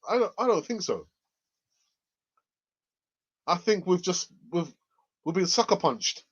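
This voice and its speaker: A man's voice: sits high, very animated, unhurried, husky. A man from England hosts a casual fan channel chat, rambling and repeating himself with many fillers and a cough. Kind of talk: casual live chat reading comments. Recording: muffled lo-fi audio.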